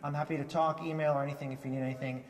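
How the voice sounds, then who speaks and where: A man with a fairly high voice speaks eagerly at a conference, stumbling and repeating words as he restarts his sentences. He is recorded from far off, and a long reverb from the large hall trails behind every phrase. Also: little pitch movement, very fast. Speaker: keynote speaker. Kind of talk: conference keynote speech.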